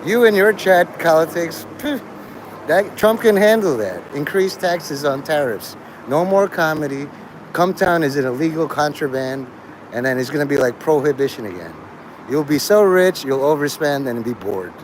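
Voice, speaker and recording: A man's voice: on the high side, animated, normal speed, a little hiss or hum, poor audio. A man hosting a livestream, talking to his chat in a crude, rambling way and laughing at his own jokes. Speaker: livestream host.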